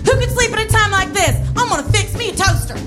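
A woman's voice: very high voice, fast talker, pitched above the performer's own voice. A woman in her thirties doing stand-up in a put-on Texan drawl, with a bawdy, sing-song delivery. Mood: brash drawl. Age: 30s. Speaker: comedian. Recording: live band music behind.

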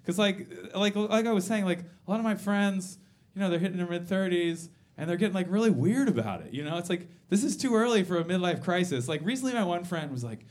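A man in his thirties performs stand-up in a basement club. His voice sits a little high and swings widely in pitch. He swears freely, mocks himself and throws quick asides at the audience. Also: expressive. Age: 30s. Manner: profane, self-mocking, quick asides to the crowd. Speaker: stand-up comedian. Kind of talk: live stand-up set. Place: basement comedy venue.

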